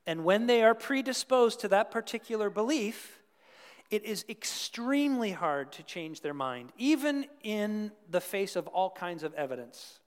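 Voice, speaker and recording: A Canadian-born man preaching a sermon in a chatty, folksy way, asking his listeners questions. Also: sits high. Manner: conversational, folksy, asks the crowd questions. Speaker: pastor. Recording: long reverb of a large hall.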